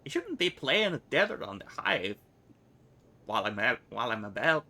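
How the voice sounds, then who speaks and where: A man's voice: mid-range voice, sing-song, normal speed, gravelly, bright, forceful tone, heavily acted. A man voicing a scornful young rogue woman in a video game, with a clipped, put-on dialect and a sneering manner.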